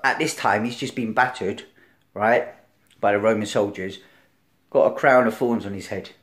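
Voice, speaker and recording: A male preacher delivers an informal, conversational sermon at a normal speed, frequently checking in with "right?" He acts out the voices of the crowd and Pilate, shifting between loud, emphatic stretches and quiet, low lines.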